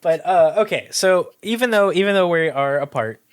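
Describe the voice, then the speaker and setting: A man hosting a podcast from home, talking in a rambling way with frequent laughs and halting restarts. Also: high voice, animated, smooth. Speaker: podcast host. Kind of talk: casual chat. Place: home, remote recording.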